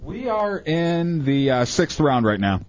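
A man's voice: a little high, very animated, slow, a little hiss or hum. A man co-hosting a radio show, answering football questions in a dry, easygoing way. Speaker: radio co-host. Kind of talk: casual radio banter. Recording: dull lo-fi radio recording.

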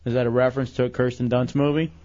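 A man's voice: mid-range voice, flat delivery, racing, dark tone. A man hosting a radio show, bantering loosely and joking with fillers and restarts. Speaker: radio host. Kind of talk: casual morning-radio banter. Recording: dull lo-fi radio broadcast.

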